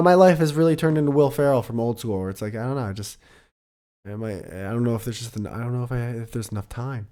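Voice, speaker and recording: A middle-aged man talks by himself on his podcast in a loose, rambling way, full of swearing and self-deprecating jokes. His voice sits at an ordinary pitch for a man. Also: a little mellow. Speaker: podcast host. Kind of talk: casual solo podcast chat.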